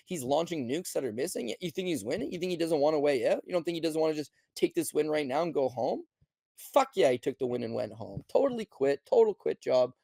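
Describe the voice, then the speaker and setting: Man, podcast host, gravelly, animated, blunt profane rant, dry close sound. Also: dry recording. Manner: acts out quotes in high mocking voices. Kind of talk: casual sports betting rant.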